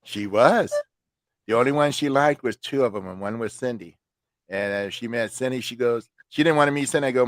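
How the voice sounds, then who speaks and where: A man's voice: mid-range voice, a little fast, dry recording. A man hosting a podcast, casually telling crude, joking family stories and acting out his mother's lines. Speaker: podcast host. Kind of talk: casual storytelling chat.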